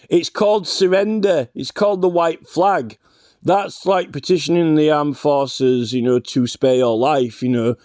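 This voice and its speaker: A man's voice: high voice, a little mellow, no echo, clean studio sound. A man giving combative ranting commentary, repeatedly challenging the man he is arguing with and restarting his sentences. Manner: halting restarts and stammers. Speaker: reaction vlogger.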